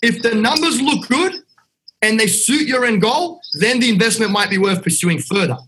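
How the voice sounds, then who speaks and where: An Australian man with a high, bright, forceful voice speaks bluntly in a casual podcast chat. He talks like a confident real estate investor guest, punchy and raw, calling the host "mate" every few lines. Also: lively intonation, moderate pace, a little hiss or hum.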